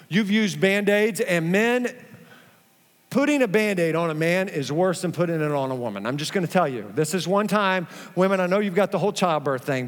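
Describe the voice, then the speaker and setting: A man delivers a sermon in a lively, conversational way, dropping playful asides between points. His voice sits high for a man. The sound rings with the long reverb of a big church hall. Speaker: pastor.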